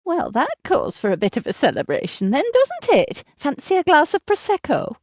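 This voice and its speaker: A bubbly middle-aged Northern English woman, as a woman narrator puts her on, talking in a high, grating, nasal voice. The storybook voice sits well above the reader's own and sounds close and dry. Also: huge pitch swings, normal speed, dry recording. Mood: chirpy, friendly.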